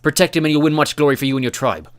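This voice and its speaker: A man's voice: on the high side, racing, pitched above the performer's own voice, close to an everyday voice. A man reading an audiobook, voicing a worn-out young warrior leader who barks urgent orders. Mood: urgent, commanding. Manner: urgent, commanding, shouted orders. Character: tired, battle-hardened young man leader.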